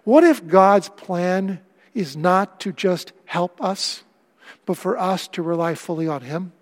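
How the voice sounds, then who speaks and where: Man, middle-aged pastor, sermon, high voice, emphatic then hushed delivery, echoing sanctuary. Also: slow pace. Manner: animated preaching that swings between loud and hushed.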